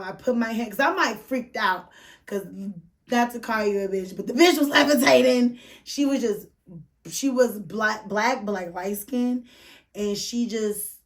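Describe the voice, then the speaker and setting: Recorded from a distance, a woman with a fairly high voice hosts a podcast and recounts a personal story in a frank, profane, filler-heavy way. The casual telling turns emotional, bringing her close to tears at moments.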